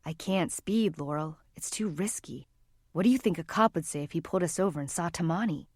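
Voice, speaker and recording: A woman reading the lines of a worried teenage boy in a low, hushed voice. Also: a little fast, no room sound, clean studio sound. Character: teenage boy, anxious but steady.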